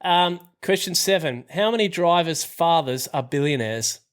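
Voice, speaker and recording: A man's voice: fairly high pitch, animated, normal speed, clean tone. A man co-hosting a casual podcast who runs a quiz for his friends, reading out questions in an upbeat, joking way and swearing now and then. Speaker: podcast co-host running a quiz.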